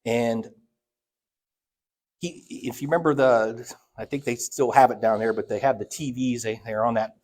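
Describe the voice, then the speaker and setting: Conversational storytelling church elder, Ohio. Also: male voice, medium pitch, fairly even intonation, normal speed, long pauses, a little mellow, a little hiss or hum. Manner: conversational, acts out quoted voices, many restarts. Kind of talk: sermon with personal storytelling.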